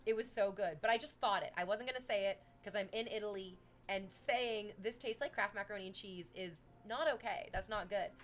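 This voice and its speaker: A woman's voice: medium pitch, fairly quick, few pauses, faint music behind. Chatty swearing Canadian woman streamer. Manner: animated, swears a lot, chatty storytelling. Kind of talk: casual livestream chat.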